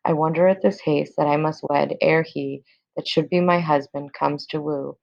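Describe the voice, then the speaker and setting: A woman's voice: low-pitched, steady tone, normal speed, creaky, a little mellow, no echo, muffled recording. A woman reading aloud the lines of a defiant young noble daughter in a plain voice.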